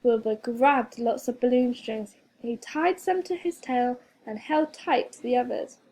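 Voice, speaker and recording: Slow, high-voiced woman reading a storybook. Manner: slow, expressive, playful sound effects. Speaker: teacher reading to children. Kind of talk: children's storybook read-aloud.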